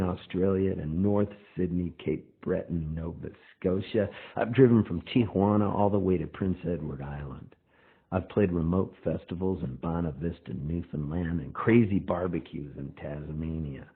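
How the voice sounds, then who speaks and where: Low husky man, tinny phone-like sound. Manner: rambling storyteller, drawn-out lines. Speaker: touring folk singer. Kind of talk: spoken monologue intro.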